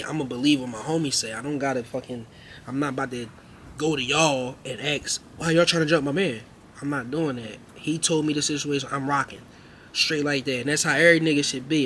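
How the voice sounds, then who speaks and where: A young man spins a casual storytime, his voice sitting a bit high for a guy. He talks in loose slang and jumps into loud, animated voices whenever he acts out a scene. A faint hiss runs under the recording. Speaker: storyteller host.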